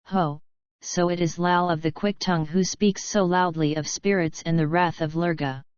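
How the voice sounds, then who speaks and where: Storybook warrior, stern and threatening, read by a woman, smooth low voice, dry close sound. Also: steady tone, normal speed, darkish tone, dry recording, highs cut off, natural voice. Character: stern, commanding male warrior bluffing as a feared spirit.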